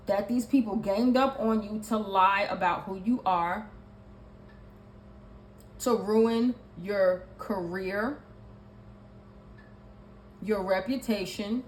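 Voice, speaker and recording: A woman's voice: mid-range voice, a little mellow. A woman giving a tarot reading, talking emphatically and repeating her points as she lists card meanings. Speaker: tarot reader. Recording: echoey room with faint ambient noise.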